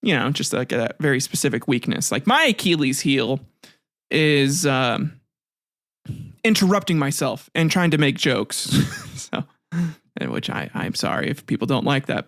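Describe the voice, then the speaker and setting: A man's voice: a little high, expressive, moderate pace, fairly bright tone, dry recording, studio quality. A man hosting a casual history podcast, retelling myths with swearing, laughter and jokey asides, often restarting his sentences. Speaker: podcast host.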